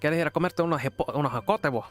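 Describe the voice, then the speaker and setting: A man's voice: fairly high pitch, very fast, faint music behind, voice pushed up, lightly acted. A man voicing a chatty Salvadoran local greeting a confused kid, with a heavy Salvadoran Spanish accent. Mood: teasing.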